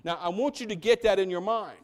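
Talking fast in a high-pitched voice, this man delivers a sermon as pastor. He's lively and conversational, often turning to ask the congregation questions.

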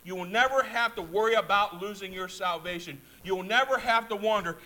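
Fervent high-voiced male preacher. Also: brisk, low-quality recording. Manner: fervent, repetitive, swings from loud emphasis to hushed asides. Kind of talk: sermon.

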